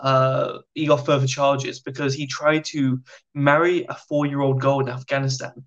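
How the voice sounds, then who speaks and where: A British man, a podcast guest, telling stories in a chatty, animated way. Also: mid-range voice, normal speed, muffled recording. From Britain. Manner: chatty, animated anecdotes with slang. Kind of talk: casual storytelling.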